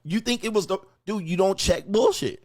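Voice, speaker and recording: A man's voice: high voice, normal speed, darkish tone, no room sound, clean studio sound. A man giving blunt, crude relationship advice in a mocking, preachy rant, answering viewer comments. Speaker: dating advice host.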